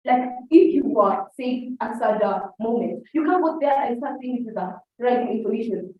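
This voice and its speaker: A woman's voice: on the high side, lively intonation, normal speed, hardly any pauses. A young woman with a Kenyan English accent gives an oratorical prepared speech as a debate speaker, repeatedly addressing her audience. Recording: distant dull mic in very echoey hall.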